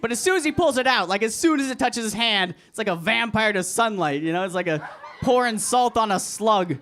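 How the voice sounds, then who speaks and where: Young guy doing crude deadpan standup, high bright voice, open mic club. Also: brisk. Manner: deadpan, crude, self-deprecating. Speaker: stand-up comic. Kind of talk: stand-up comedy set. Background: audience laughter.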